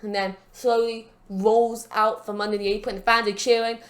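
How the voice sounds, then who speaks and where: A woman's voice: medium pitch, little pitch movement, normal speed. A woman hosting a gaming channel, casually narrating matches and rambling with jokes and plugs. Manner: rambling, joking, self-promoting. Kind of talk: casual game commentary. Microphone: desk mic with a broken stand.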